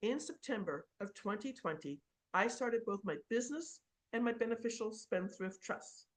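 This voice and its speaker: A woman's voice: fairly high pitch, lively intonation, moderate pace. A middle-aged woman, a real estate investor, telling a personal story about taxes in a casual, chatty way with many fillers while sharing her screen.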